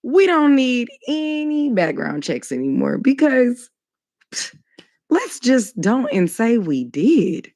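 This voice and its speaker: A woman on a discussion panel, talking casually in an animated, sarcastic and emphatic way. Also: a little high, slow, no room sound. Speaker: debate panelist.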